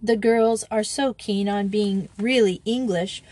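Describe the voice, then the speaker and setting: A brisk, decided young headmistress, as a woman reads her lines, kindly but firm with her pupils. Her speech is crisp and sure of itself in a storybook voice. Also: mid-range voice, fairly even intonation, a little mellow, natural voice. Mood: cheerful.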